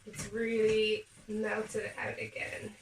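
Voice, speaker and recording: This woman speaks slowly and in a monotone, her voice at a medium pitch, while she bakes at home and chats upbeat to viewers about each step. She's a home baking vlogger giving a casual cooking demonstration. The recording has kitchen echo, with the mic somewhat distant.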